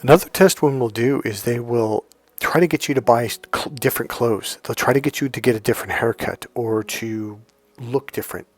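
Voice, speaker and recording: A man's voice: medium pitch, fairly quick. A middle-aged man coaching on dating, giving blunt, profane advice mixed with stories. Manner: profane, emphatic, storytelling. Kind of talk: blunt advice monologue with anecdotes.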